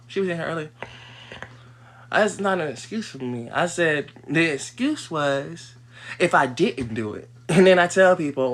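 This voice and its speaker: A fairly high-voiced man rants on a livestream. His delivery is heated and profane. It drops to low mutters, then swings up into loud, sharp outbursts. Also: animated, normal speed. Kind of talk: livestream rant.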